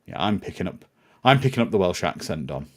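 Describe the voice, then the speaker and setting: A man's voice: low voice, sing-song, a little fast. A man co-hosting a film watch party, giving dry, explanatory commentary with asides about the film.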